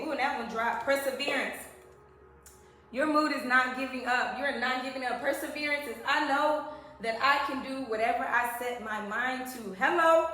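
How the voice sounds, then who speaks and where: A woman's voice: high voice, bright, forceful tone. A woman in her thirties giving a chatty, emphatic tarot reading to her viewers. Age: 30s. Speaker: tarot reader. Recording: very echoey room.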